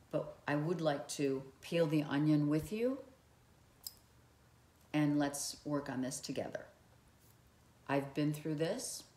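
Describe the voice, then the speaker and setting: Her deep, slightly mellow voice echoes in a reverberant space as she speaks to camera. The relationship advice vlogger addresses the viewer directly with earnest motivational talk, repeating her phrases often.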